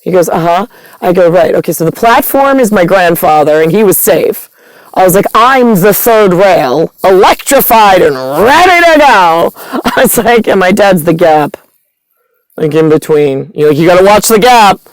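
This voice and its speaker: A woman's voice: fairly low pitch, animated, moderate pace, darkish tone, no room sound, low-quality recording. A woman telling a long, rambling personal story, retelling conversations line by line, with many fillers and restarts. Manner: retells conversations with quoted dialogue.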